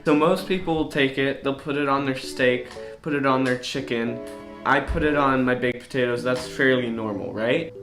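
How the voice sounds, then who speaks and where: A man's voice: mid-range voice, normal speed. Rambling goofy young guy vlogging. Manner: rambling, self-mocking, goofy. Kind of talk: casual chat to camera. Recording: echoey room with guitar music.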